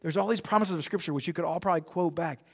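A middle-aged male pastor preaching a sermon, moving between loud declarations and hushed, near-whispered lines. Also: fairly high pitch, very fast.

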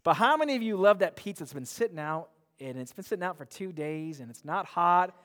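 A man's voice: high-pitched, lively intonation, brisk, fairly bright tone. A man preaching a sermon in a church, talking conversationally with many restarts and acting out bored voices. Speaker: pastor. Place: church sanctuary. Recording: long hall reverb.

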